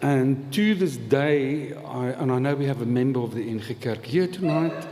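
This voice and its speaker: Man, chatty storytelling, mid-pitched, live hall reverb, faint noise. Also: normal speed, dark tone. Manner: chatty, rambling, laughs often, dry humour. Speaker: panel guest author. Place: festival event hall.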